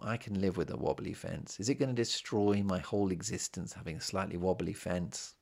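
A man hosts his own podcast in a loose, conversational monologue, often turning to the listener with rhetorical questions. His voice sits very low, with a gravelly, fry-tinged edge. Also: animated, normal speed. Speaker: podcast host.

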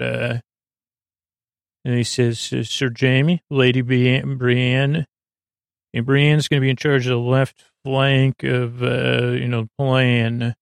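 Gravelly, flat-voiced man rambling through a recap. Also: medium pitch, no room sound, clean studio sound. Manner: meandering, full of fillers and self-corrections. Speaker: podcast host.

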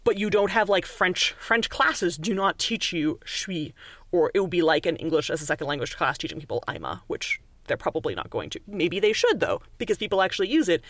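A woman's voice: fairly low pitch, big pitch swings, a little fast, no room sound. Chatty explaining woman from Canada. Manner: chatty and explanatory, with frequent fillers and restarts. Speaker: author and linguist guest. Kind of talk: casual podcast interview.

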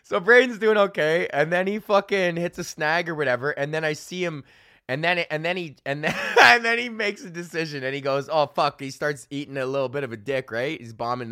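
Bright, profane comedian ranting. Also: male voice, on the high side, no room sound, clean studio sound. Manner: profane, rambling, laughing mid-story. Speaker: comedian podcast host. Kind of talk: casual storytelling rant.

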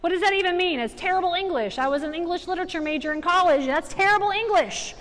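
Very high-voiced woman preaching in a hall. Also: fast. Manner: animated, rising to emphatic exhortation. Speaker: guest preacher. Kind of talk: sermon. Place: church sanctuary. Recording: reverberant hall.

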